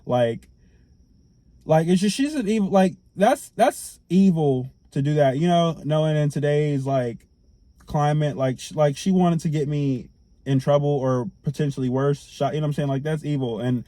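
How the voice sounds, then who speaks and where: A young man telling a storytime to camera, animated and slangy, swearing as he retells. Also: fairly high pitch, moderate pace, no room sound.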